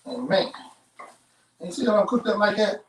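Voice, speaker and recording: A man's voice: sits high, sing-song, moderate pace, recorded from a distance, noisy background. Chatty man hosting a kitchen cooking show. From Chicago. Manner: chatty, folksy, talks straight to viewers. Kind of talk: live cooking demonstration. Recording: roomy kitchen, off-mic.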